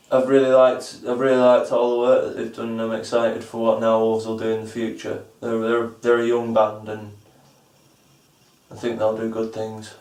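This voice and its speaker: Flat-voiced, earnest man. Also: mid-range voice. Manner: earnest, rambling enthusiasm with restarts. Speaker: vlog co-host reviewing albums. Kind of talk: casual chat. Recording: roomy sound from a distant mic.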